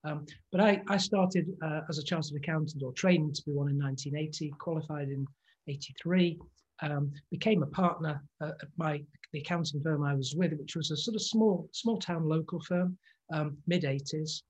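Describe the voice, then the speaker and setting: Brief: English man, 60s, interview guest, slightly higher pitch, husky, polite and friendly. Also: normal speed. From England. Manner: polite, friendly, stammers on starts. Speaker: podcast guest. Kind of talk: casual interview chat.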